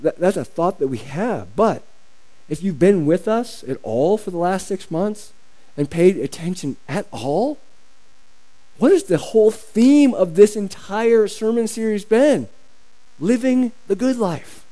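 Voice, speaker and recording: A pastor preaching a sermon in an emphatic style, repeating phrases for stress. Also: male voice, sits high, expressive, unhurried, mellow, rough recording.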